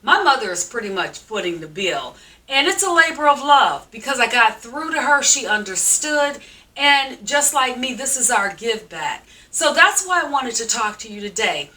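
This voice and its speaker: A middle-aged woman hosts her own show, speaking frankly and emphatically straight to her viewers. Her voice sits a little high and comes across bright and forceful. She sounds a bit distant from the mic. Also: very animated, moderate pace. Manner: frank, emphatic, preacherly, calls viewers sis. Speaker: show host. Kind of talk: direct-to-camera motivational talk.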